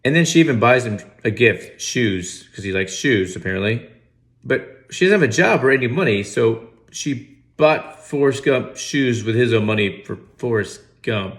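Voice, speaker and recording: A man's voice: medium pitch, lively intonation, moderate pace. A man giving casual comedic movie commentary, sarcastic and incredulous with mock outrage. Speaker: movie reaction host.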